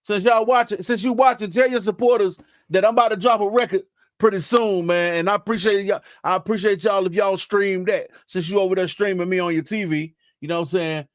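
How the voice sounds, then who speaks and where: A man's voice: high voice, steady tone, a little fast, dry recording, studio quality. A young man chatting casually on a live stream, laughing and teasing in slangy talk.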